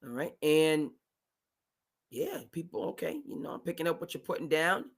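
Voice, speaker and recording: A man hosting a live sports talk stream, talking in an animated, emphatic way and now and then mimicking team owners. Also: on the high side, moderate pace.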